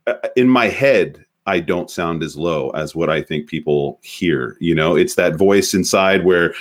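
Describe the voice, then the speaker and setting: A man with a deep voice, a guest in a casual online interview, relaxed and friendly, a bit hesitant. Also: measured pace.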